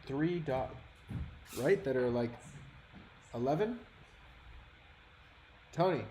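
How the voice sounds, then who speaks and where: A man's voice: medium pitch, lively intonation, slow, a little mellow. Casual streamer guy in his thirties, chatty and self-mocking, faint noise behind. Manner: frustrated, rambling, self-deprecating. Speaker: livestream host. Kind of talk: casual livestream chat.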